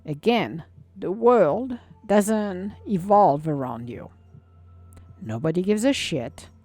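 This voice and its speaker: A woman's voice: fairly low pitch, animated, slow, warm tone, dry recording. Woman, blunt tough-love self-help podcast, cusses a lot, dry close mic, faint music under. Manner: blunt, swears freely, tough-love pep talk. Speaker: podcast host. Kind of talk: solo self-help talk.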